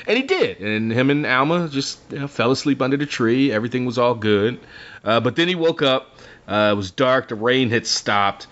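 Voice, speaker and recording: A man's voice: medium pitch, moderate pace. A man co-hosting a casual chat, animatedly recapping a book and acting out lines from it. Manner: animated retelling, acts out characters' lines. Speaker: podcast co-host recapping a book. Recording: dull lo-fi audio.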